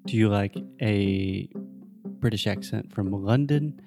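A man's voice: on the low side, takes it slowly, music in the background. Playful Southern American man co-host. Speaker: podcast co-host. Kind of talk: casual podcast chat.

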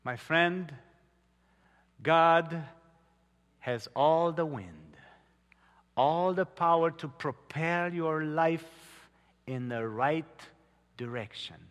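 A man preaching a sermon, telling stories earnestly with dramatic pauses. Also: a little high, a bit bright. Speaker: pastor. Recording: long hall reverb.

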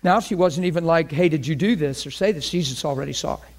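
A man preaching a sermon, his voice sitting a little high for a man. He swings from loud, driving bursts down to hushed, near-whispered lines. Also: fast. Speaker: pastor.

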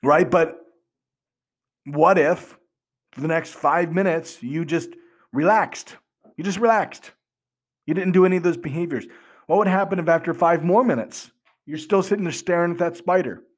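A man's voice: fairly high pitch, normal speed, long pauses. Earnest man explaining on a podcast. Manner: earnest, repetitive, rhetorical questions, frequent restarts. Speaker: podcast host.

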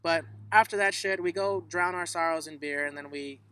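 A man's voice: a little high, moderate pace, sharp tone, a little hiss or hum, poor audio. A man co-hosting a casual sports talk show, telling stories with plenty of swearing. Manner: profane, storytelling, emphatic. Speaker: podcast co-host.

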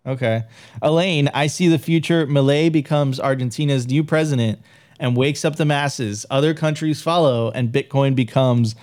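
A man's voice: medium pitch, moderate pace, a little mellow. A man hosting a live stream show, chatting casually and hyping up viewers, with frequent restarts. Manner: upbeat, hype-style sign-off with frequent restarts. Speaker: host.

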